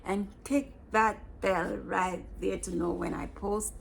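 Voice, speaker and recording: A woman with a Jamaican accent telling her own life story in a personal vlog, plain-spoken and unhurried, often dropping into a breathy whisper. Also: mid-range voice, fairly even intonation, slight background noise.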